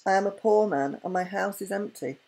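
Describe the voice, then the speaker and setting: A woman's voice: mid-range voice, fairly quick, a little mellow, breathy edge. A woman voicing a poor, humble old man, a merchant who speaks courteously in a storybook reading.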